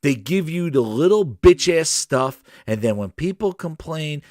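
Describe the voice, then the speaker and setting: This gaming podcast host speaks at a measured pace in a fairly high, expressive and slightly mellow voice, captured clean with no echo. He's angry and profane, swearing through his rant while stammering and going over the same points again.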